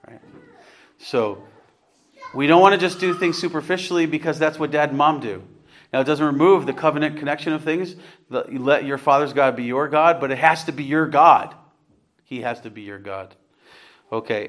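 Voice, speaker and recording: A man's voice: a little high, a bit bright. A man preaching an earnest, conversational sermon, rising to emphatic points and putting questions to his congregation. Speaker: pastor.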